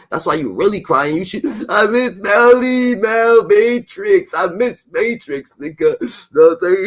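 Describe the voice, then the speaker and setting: A man hosting a livestream, ranting in a heated, profane, streetwise way, swinging between loud outbursts and low mutters. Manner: profane, heated, with a repeated "da, da, da" filler. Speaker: livestream host. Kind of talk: unscripted streetwise rant.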